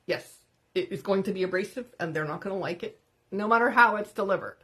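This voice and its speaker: A woman's voice: medium pitch, quick pace, fairly bright tone. A woman hosting an unscripted live stream, talking candidly and greeting viewers by name as she goes. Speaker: livestream host.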